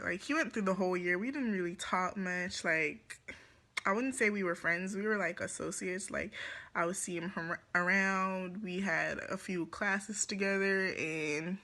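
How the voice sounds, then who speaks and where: A woman's voice: on the low side, bright, forceful tone. A teenage girl from Jamaica with a Jamaican accent, telling a rambling storytime vlog full of fillers and giggles. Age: teens. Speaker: vlogger.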